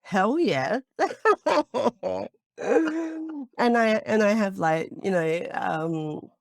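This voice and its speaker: A woman's voice: mid-range voice, expressive, very slow, gravelly. A woman, a psychic paranormal investigator, telling stories in casual podcast chat with lots of fillers. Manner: chatty storytelling with many fillers.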